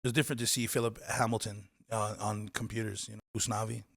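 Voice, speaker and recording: A man from Hawaii co-hosting a podcast, chatting casually in a relaxed, rambling way. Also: fairly low pitch, quick pace, creaky. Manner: relaxed, laughing, rambling asides. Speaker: podcast co-host. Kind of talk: casual chat.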